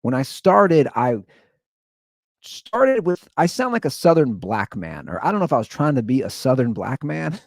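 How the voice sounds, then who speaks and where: A man hosting a podcast, telling a story in a rambling, animated casual monologue. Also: mid-range voice, normal speed, dry recording, studio quality. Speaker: podcast host.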